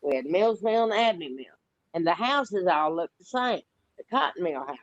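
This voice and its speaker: A woman's voice: on the low side, sing-song, moderate pace, dry recording, lo-fi sound. Blunt Southern woman with an upstate South Carolina drawl. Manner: blunt, salty, drawling storyteller. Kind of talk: casual gossipy chat.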